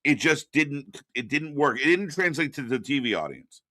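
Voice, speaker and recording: A man co-hosts a live wrestling reaction stream in a loose, casual way, often stopping to welcome viewers from the chat by name. His voice sounds bright and forward. The recording is dry and close, with no room echo. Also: on the high side, lively intonation, normal speed.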